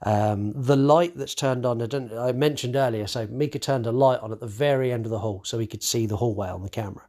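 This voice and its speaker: A man's voice: mid-range voice, a little fast, few pauses, dark tone. A man hosting a podcast, recapping a horror movie in casual chat, swearing freely and stumbling over restarts. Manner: swears freely, acts out characters' lines; many fillers and restarts. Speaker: podcast host.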